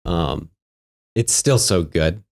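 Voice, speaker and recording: A man co-hosting a casual book podcast, talking enthusiastically with quick, profane quips. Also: low voice, expressive, creaky. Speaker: podcast co-host.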